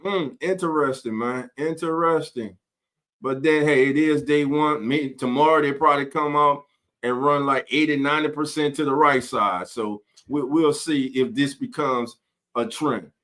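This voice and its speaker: A man's voice: fairly high pitch, normal speed, a bit bright. A man hosting a casual live-stream sports talk show, greeting viewers in chat by name.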